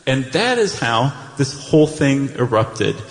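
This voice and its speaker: A man's voice: medium pitch, big pitch swings, unhurried. An American man co-hosting a podcast live on stage, telling the story with wry, playful jokes. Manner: wry, jokey, playful asides. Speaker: podcast co-host. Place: large hall with live audience. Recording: live hall recording with faint noise.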